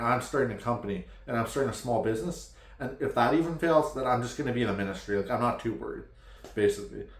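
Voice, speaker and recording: Man, frustrated vlog rant, heated and pleading, mid-range voice, roomy echo. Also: mid-range voice. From Canada. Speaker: vlogger. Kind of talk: frustrated talking-to-camera rant.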